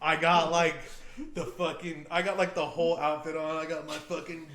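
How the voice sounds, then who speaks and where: A man's voice: fairly high pitch, flat delivery, moderate pace, fairly bright tone. A man co-hosting a podcast, telling a rambling, profane story in casual chat. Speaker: podcast co-host. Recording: echoey room.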